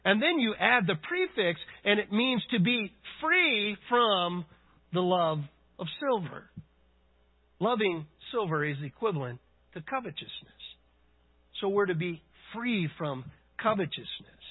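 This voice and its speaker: A man preaching a sermon, reading scripture slowly and deliberately and explaining words from the Greek. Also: high voice, expressive, breathy edge. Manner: slow, deliberate scripture reading and word study. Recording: phone-like narrow band.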